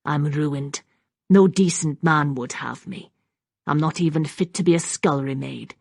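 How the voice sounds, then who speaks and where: Woman playing cold proud Highland woman, Scottish accent, brittle, low gravelly voice, dry. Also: moderate pace, a little mellow, no room sound. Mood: bitter.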